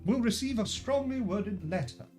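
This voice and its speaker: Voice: mid-range voice, lively intonation, normal speed, darkish tone, pitched above the performer's own voice, close to an everyday voice. A streamer voicing a pompous, formal man in old-fashioned dress. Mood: haughty. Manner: haughty, formal. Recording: background music.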